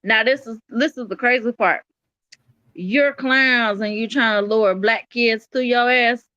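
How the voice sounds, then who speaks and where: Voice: medium pitch, unhurried, bright, forceful tone, dry recording, lo-fi sound. A podcast co-host in casual chat, speaking bluntly and emphatically with lots of slang.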